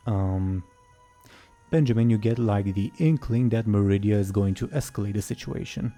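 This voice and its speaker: A man's voice: lowish voice, fairly even intonation, measured pace, mellow, soft background music. A man running a tabletop game as game master, narrating hesitantly with many restarts and easy laughs.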